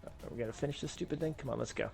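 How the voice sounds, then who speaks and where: A gravelly, mid-pitched male voice on a casual gaming stream. He cracks blunt jokes and swears freely while playing, with faint music behind him. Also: rapid-fire.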